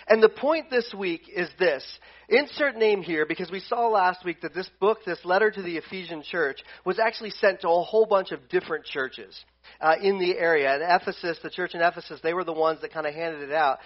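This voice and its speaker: A male pastor preaching a conversational sermon at a church service, animated and full of restarts. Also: high-pitched, brisk, muffled recording.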